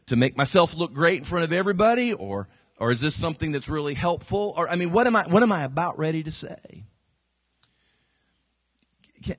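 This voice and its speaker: This preacher speaks at medium pitch, and the recording has no room sound. As pastor, he tells stories in an animated way, performing the quotes and returning to repeated phrases.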